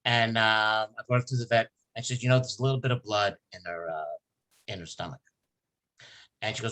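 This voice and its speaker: A man's voice: fairly low pitch, fairly quick, bright, forceful tone. A man hosting a podcast, telling a long, emotional personal story in casual chat, rambling with many restarts. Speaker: podcast host.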